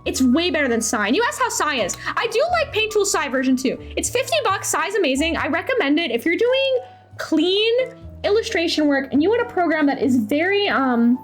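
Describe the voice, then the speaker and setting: A woman streamer chatting casually and enthusiastically while demoing art software, often saying "dude.". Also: very high voice, big pitch swings, fairly quick, faint music behind. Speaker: streamer, host.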